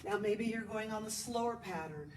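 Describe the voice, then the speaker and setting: A woman's voice: mid-range voice, moderate pace, far from the mic. A woman yoga instructor guiding a live class, chatty and encouraging, counting poses aloud. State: out of breath at times. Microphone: body mic, at times distant. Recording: echoey room, voice from off mic, faint noise.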